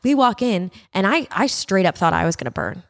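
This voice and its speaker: A woman's voice: mid-range voice, sing-song, brisk. A young woman co-hosting a podcast. She tells a travel story in casual chat, swears freely and acts out the people she quotes. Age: young adult. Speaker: podcast co-host.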